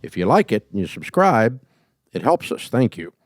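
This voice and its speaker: A man's voice: on the low side, very animated, moderate pace, no echo. A middle-aged man hosting a call-in business advice show, blunt and folksy with jokes. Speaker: podcast host. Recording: dry studio sound.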